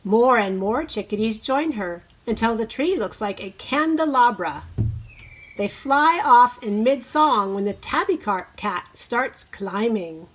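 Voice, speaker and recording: Slow, encouraging woman teacher reading aloud. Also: fairly high pitch, expressive, fairly bright tone. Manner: slow, encouraging, leads bird-call imitations. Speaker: preschool teacher. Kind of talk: reading a picture book aloud to children.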